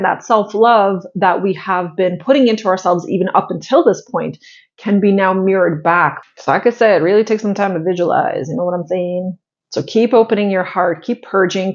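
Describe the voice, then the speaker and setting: A woman's voice: mid-range voice, moderate pace, dull audio. A woman in her thirties hosting a spiritual astrology channel, giving viewers a casual, heartfelt pep talk full of "like" fillers and the odd blunt swear.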